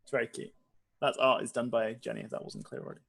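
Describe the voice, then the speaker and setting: A man's voice: medium pitch, level tone, fast, vocal fry, fairly bright tone. Playful man as game master. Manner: playful, laughs often. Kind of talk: narrating a tabletop game.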